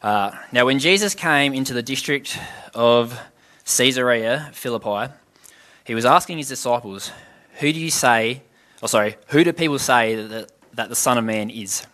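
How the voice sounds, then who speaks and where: A man at an ordinary middle pitch teaches from the Bible in a relaxed, chatty way. He reads scripture passages aloud, then unpacks them plainly and puts questions to his listeners. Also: moderate pace.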